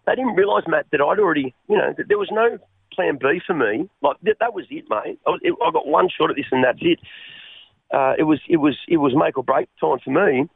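An Australian man telling his life story as a radio guest, halting and repeating words as he speaks. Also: a little high, big pitch swings, gravelly, husky, dry recording. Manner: halting, repeats words, calls the host mate. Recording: tinny phone line.

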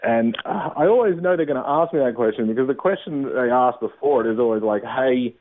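A man, a stand-up comedian chatting in an interview, self-mocking and quick to laugh. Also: medium pitch, expressive, slight background noise. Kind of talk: casual interview answers. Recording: tinny phone-line sound.

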